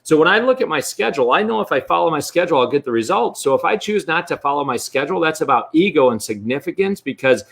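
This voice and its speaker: Guy w a kinda high voice, blunt coach type, swears a lot, no filter. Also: animated, fast, creaky, hardly any pauses, a bit bright. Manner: blunt and profane, speaks freely. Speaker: real estate coach, guest. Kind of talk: candid interview talk.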